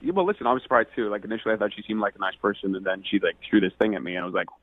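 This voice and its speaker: A man's voice: fairly low pitch, rapid-fire, breathy edge, dry recording. Indignant man on a tinny phone line. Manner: indignant, exaggerated outrage. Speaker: radio show caller. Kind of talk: radio prank call.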